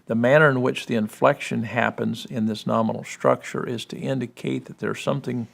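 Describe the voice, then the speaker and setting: Gravelly guy explaining old languages, lots of "you know", keeps asking "correct?". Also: medium pitch, fairly even intonation, brisk. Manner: peppers speech with "you know", checks understanding with "correct?". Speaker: guest explaining biblical languages. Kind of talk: teaching explanation in a discussion.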